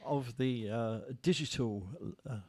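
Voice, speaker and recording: A man's voice: mid-range voice, a little slow, dark tone, no room sound, clean studio sound. A man from England hosting a casual radio interview, wry and dryly humorous, with a wordy way of phrasing things. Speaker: radio presenter.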